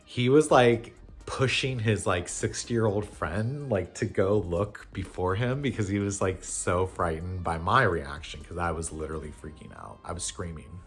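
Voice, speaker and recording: A man in his thirties casually telling a funny personal story, animated and shouting at the panicky moments. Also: low voice, moderate pace, few pauses, faint music behind. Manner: animated, jumps to loud shouts when acting out the panic.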